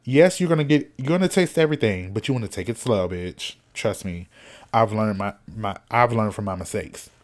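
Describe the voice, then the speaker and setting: A man hosting a solo podcast in casual chat, sassy and animated, cussing freely and snacking as he talks. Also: lowish voice, moderate pace. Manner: snacking while talking. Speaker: podcast host.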